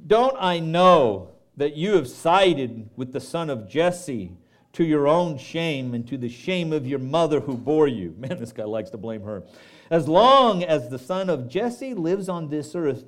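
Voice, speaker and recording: A man preaching a sermon as pastor, reading scripture aloud and breaking off for lively asides to his congregation. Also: a little high, a little slow.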